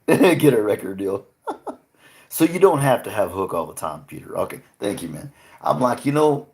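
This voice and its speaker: A man hosting a casual livestream, chatting loosely with viewers, swearing freely and laughing often. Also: on the low side. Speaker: livestream host. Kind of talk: casual live-stream chat with viewers.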